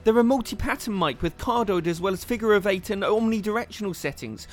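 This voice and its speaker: A podcast host in a comedy sketch who rambles in a quick, exasperated, nerdy way. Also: mid-range voice, expressive.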